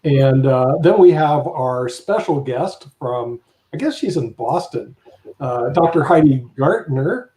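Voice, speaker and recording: A man's voice: medium pitch, lively intonation, slow, dark tone, echoey room, rough recording. A man hosting a live online panel, introducing guests with jokes and rambling, repeated words. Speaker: show host.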